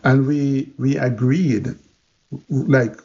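A man, a guest in an interview, telling his story in an animated, vivid way. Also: medium pitch, drawn-out words, muffled recording. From Jamaica.

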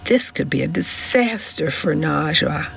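A man's voice: a little high, expressive, unhurried, gravelly, a bit bright, heavily acted. A man playing a sly, spiteful middle-aged wife. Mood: dry sly. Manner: dry, sly, understated. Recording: slightly muffled with faint hiss.

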